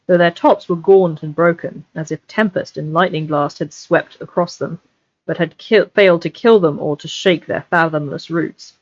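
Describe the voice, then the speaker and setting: A woman reading a novel aloud on a livestream, chatty and scattered, with asides, over a desk mic. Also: on the low side. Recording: lo-fi livestream audio.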